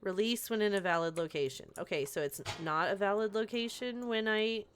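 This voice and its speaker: While playing a game on stream, a young woman keeps up rambling, playful small talk packed with tangents. She speaks fairly quickly in a mid-range voice, and there is slight background noise.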